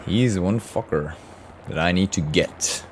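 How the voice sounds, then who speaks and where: A man's voice: low-pitched, a little slow, background noise. A man streaming a war shooter, commenting on the action as he plays, swearing often and chatting with his viewers. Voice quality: swears often, talks to chat mid-game. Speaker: gaming streamer. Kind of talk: live gameplay commentary. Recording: game gunfire and explosions behind the voice. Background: gunfire and artillery from the game.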